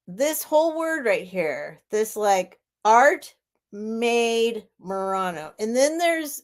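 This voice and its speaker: A woman hosting a live online sale at home, chatting casually and rambling with soft laughs. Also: fairly high pitch. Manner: rambling and warm-hearted, with frequent soft laughs. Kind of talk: casual live-stream chat.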